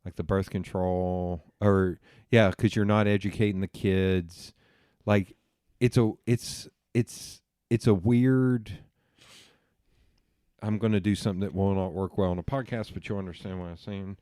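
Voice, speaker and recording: A man's voice: low voice, steady tone, a little slow, dark tone, smooth, dry recording, studio quality. A man as a podcast guest, chatting casually with wry, sarcastic asides.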